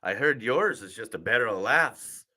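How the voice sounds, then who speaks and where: A man's voice: medium pitch, lively intonation, moderate pace, sharp tone, voice pushed down. A man reading film quotes in a put-on Irish accent, voicing blunt, sweary rural villagers. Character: gruff rural Irish villagers, men and women.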